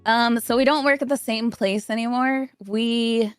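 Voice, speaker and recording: A woman's voice: a little high, steady tone, unhurried, smooth, no room sound, faint music behind. A woman in her thirties, a podcast guest rambling through stories in casual chat. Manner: chatty, rambling storyteller.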